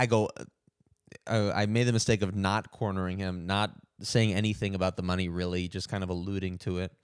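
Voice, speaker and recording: A man's voice: lowish voice, a little mellow, clear, resonant tone, dry recording, studio quality. A man who is a comedian and podcast host, delivering a profane, indignant comic rant full of stammered restarts. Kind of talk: ranting comic monologue.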